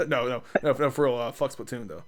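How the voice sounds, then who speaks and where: A man's voice: mid-range voice, moderate pace, crowd noise. A man hosting a podcast in casual, laid-back chat, full of profane trash talk. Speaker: podcast host.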